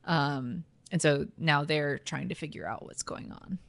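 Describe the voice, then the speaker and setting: A woman on a movie podcast panel, recapping the plot quickly in casual chat. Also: deep voice, creaky, fairly bright tone.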